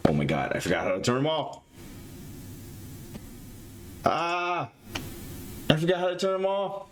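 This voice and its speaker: A man's voice: a little high, measured pace, a little hiss or hum. Jittery young man hosting a stream. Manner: nervous, excitable, rambling with stammers. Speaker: streamer host. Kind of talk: casual live-stream chat.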